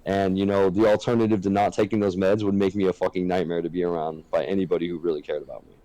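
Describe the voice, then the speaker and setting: Speaking in a dark, level tone at a fast pace, this man co-hosts a casual podcast and doesn't hold back on swearing. He's frank and earnest throughout, his pitch slightly low. The sound is dry and close, without room reverberation.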